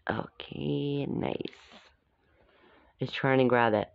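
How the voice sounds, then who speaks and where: In a dull, dry lo-fi recording with no room sound, a woman reads a storybook aloud in a relaxed way, breaking off to chat about the pictures. Her voice is bass and fried, with fairly even intonation, and she takes it slowly.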